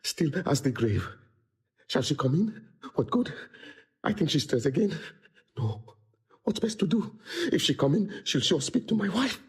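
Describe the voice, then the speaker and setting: A man's voice: fairly high pitch, animated, measured pace, pauses often, husky, heavily acted. An actor playing a jealous, tormented nobleman in a classical stage drama, speaking in a declamatory, anguished way.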